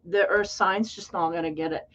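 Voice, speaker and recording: A woman's voice: lowish voice, fairly even intonation, normal speed, a bit bright. Rambling, conversational woman tarot reader. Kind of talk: casual spiritual reading.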